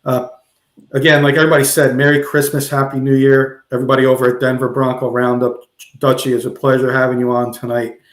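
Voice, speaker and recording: A man's voice: mid-range voice, little pitch movement, fast talker, reverberant. A man co-hosting a sports talk show, chatting casually and nervously, stumbling and apologizing as he goes. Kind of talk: casual chat, off-key singing of a song parody.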